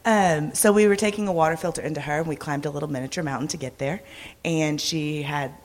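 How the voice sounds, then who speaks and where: Woman with a lost, raspy voice giving a casual church talk in an echoing hall. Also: low voice, fast talker. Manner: laughs often, chatty. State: hoarse, lost her voice. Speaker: mission trip speaker. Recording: echoey hall.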